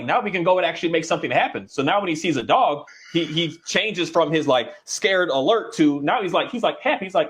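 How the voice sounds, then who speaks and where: A man who works as a dog trainer, talking in a casual, rambling and halting way, now and then voicing his dog's thoughts. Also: on the high side, lively intonation, fairly bright tone. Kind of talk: casual conversation.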